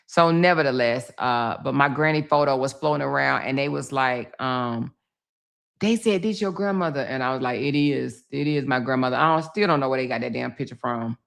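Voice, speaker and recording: A woman's voice: extremely low pitch, fairly quick, creaky, a bit bright. A woman hosting a casual livestream, telling stories in a chatty way, swearing often and acting out what others said. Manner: chatty storytelling, swearing, acts out others' lines. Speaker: livestream host.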